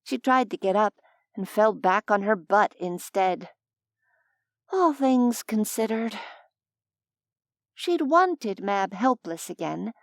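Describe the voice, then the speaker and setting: A woman narrating an audiobook in a measured, expressive storytelling voice, close to the mic. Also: medium pitch, no room sound.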